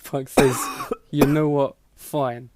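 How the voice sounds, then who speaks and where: A man's voice: mid-range voice, fairly even intonation, slow pace, a little mellow. A man hosting a podcast, reading an old story aloud for laughs, breaking into laughter and acting out the lines. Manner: laughing through a mocking read, acting out voices. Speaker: podcast host. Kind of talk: comedic dramatic reading of an old blog post.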